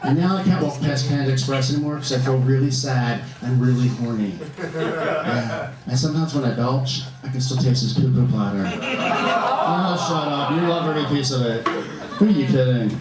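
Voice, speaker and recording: A man doing stand-up comedy in a comedy club, camp and animated, bantering with the audience. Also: medium pitch, moderate pace, heavy background noise. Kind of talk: stand-up comedy with crowd work. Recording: echoey club heard from a distance, audience laughter. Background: audience laughing.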